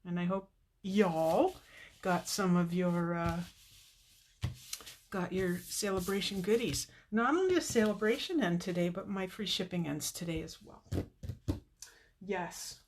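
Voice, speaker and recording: A woman's voice: on the low side, measured pace, long pauses, a little mellow, a little hiss or hum. Chatty woman crafting on camera. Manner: chatty, talks to viewers by name, laughs often. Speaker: card-making demonstrator. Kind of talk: casual live craft tutorial.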